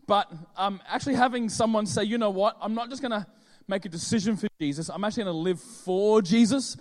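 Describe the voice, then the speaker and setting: A man's voice: high-pitched, brisk. A man preaching a casual, joking sermon and leaning on plenty of fillers. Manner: chatty, joking, many fillers. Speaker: pastor. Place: church hall with audience. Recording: reverberant hall.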